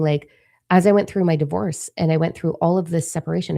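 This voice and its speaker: A woman's voice: lowish voice, gravelly, dark tone. A middle-aged woman speaking in a raw, emphatic confessional monologue, swearing freely as she opens up. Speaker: spiritual vlogger. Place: living room.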